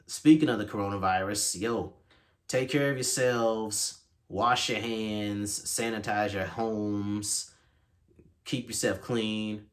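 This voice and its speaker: A man hosting his own podcast, delivering a casual solo rant that is animated and exasperated, with big jumps in pitch. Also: a little slow. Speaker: podcast host.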